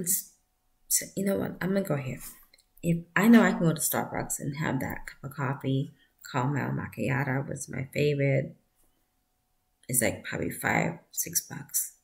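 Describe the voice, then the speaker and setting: A woman giving a heartfelt personal testimony, speaking softly and often dropping to a breathy near-whisper, with earnest appeals to the listener. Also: very deep voice. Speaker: vlogger sharing a personal story.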